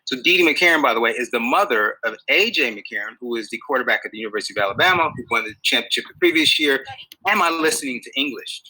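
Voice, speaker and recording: A man giving a public talk to an audience, animated and full of rhetorical questions. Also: medium pitch, very fast, hardly any pauses, slightly rough, low-quality recording. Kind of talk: public lecture.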